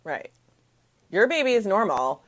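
Expressive woman explaining with lively pitch. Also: a little slow. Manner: expressive, explanatory, quotes babies and parents. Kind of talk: casual chat.

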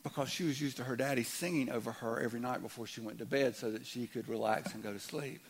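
A man in his fifties preaching a sermon as a pastor, earnest, dropping to a hush and then rising loud, often repeating his words. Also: medium pitch, steady tone, quick pace, breathy edge.

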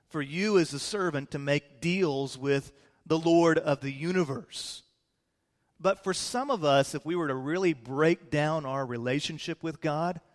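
A pastor preaching in a relaxed, storytelling way, dropping casual asides as he goes. His voice sits on the higher side for a man. It carries a long reverb, as from a church hall. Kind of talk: sermon.

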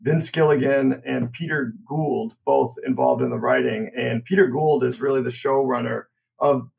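A man's voice: medium pitch, moderate pace, vocal fry, a little mellow, slightly rough, rough recording. A man co-hosting a podcast, explaining things in a casual, rambling way with frequent restarts. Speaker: podcast co-host.

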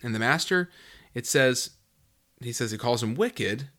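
Man teaching scripture with lively emphasis. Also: unhurried. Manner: reads scripture, then explains in a relaxed, musing way with fillers; swings into high, loud emphasis when stressing a point. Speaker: Bible teacher. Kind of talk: conversational Bible teaching.

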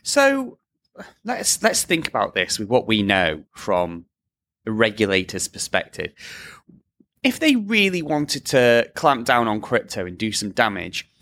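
A man's voice: fairly low pitch, huge pitch swings, unhurried, fairly bright tone. A man co-hosting a podcast, chatting casually about the news and leading with questions. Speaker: podcast co-host.

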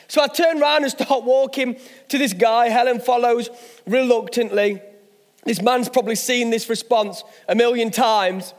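High-voiced pastor preaching. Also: male voice, moderate pace, long reverb tail. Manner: storytelling, self-mocking humor. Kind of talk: sermon. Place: church hall.

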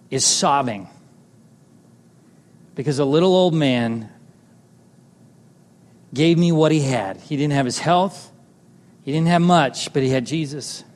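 Loud, exclaiming lines give way to quiet, hushed ones as a man preaches his personal testimony in sermon-style storytelling. His pitch is slightly raised, and his voice rings out with long reverb, as though in a large hall.

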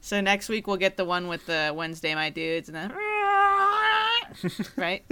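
Woman podcast co-host, playful and teasing, bright animated delivery. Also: medium pitch, slow pace. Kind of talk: casual podcast chat.

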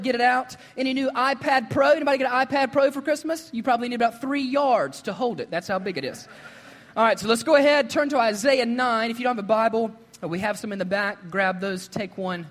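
High-voiced male preacher in a reverberant hall. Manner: joking, storytelling, quotes others in lively voices. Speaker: pastor. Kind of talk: casual sermon. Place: church sanctuary.

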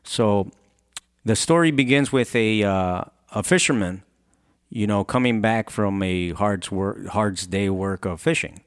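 A man's voice: lowish voice, a little slow, clean tone, no echo, clean studio sound. A man who founded a clothing brand and has kids, giving an earnest, rambling motivational talk. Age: adult with children. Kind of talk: motivational monologue.

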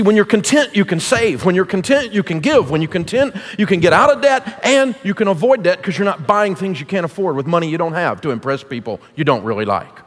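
A middle-aged man with a high, slightly bright voice preaches as a guest speaker to a church congregation, sounding folksy, punchy and full of jokes. The recording, made in a church auditorium, carries the long reverb of a large hall.

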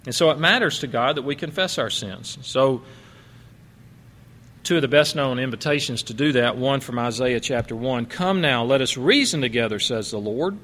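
Middle-aged male pastor, conversational preacher with a bright, forceful voice; reverberant church sound. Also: medium pitch, normal speed. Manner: conversational, laughing asides, quoting others in changed voices. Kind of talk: sermon. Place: church sanctuary. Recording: long reverb of a church hall.

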